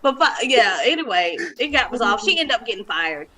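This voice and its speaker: A woman hosting a casual video-call chat, telling a story in an animated way and laughing as she goes. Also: a little high, fairly quick, a loud crowd. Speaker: podcast host.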